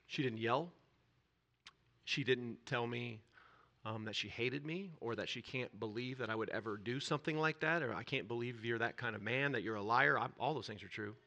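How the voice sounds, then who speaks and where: A man giving an earnest personal testimony from a church stage, halting and repeating himself, his voice dropping very low at painful moments and rising when moved. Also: creaky, bright, forceful tone. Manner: earnest, halting confession that drops to near-whispers and swells when stirred. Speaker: church speaker.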